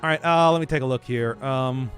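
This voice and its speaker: A man's voice: mid-range voice, fairly quick, fairly bright tone, faint music behind. A young man streaming a game, rambling casually, laughing often and swearing. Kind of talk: casual live gameplay commentary.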